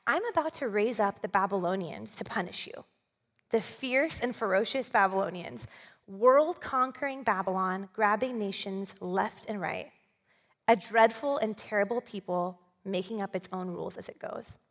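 A woman's voice: medium pitch, normal speed, a bit bright, big-room sound. A woman voicing a stern male God who answers with emphatic declarations.

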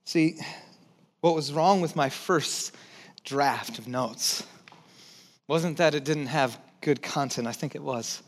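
A man's voice: a little high, takes it slowly, long pauses. A man preaching a sermon as pastor to his church, telling a candid, self-deprecating story full of fillers and restarts.

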